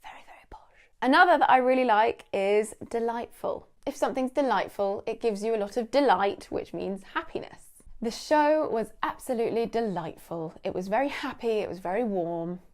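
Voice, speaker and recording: A woman's voice: fairly high pitch, moderate pace, a little mellow. A young British woman teaching English vocabulary in a casual, playful way, laughing often.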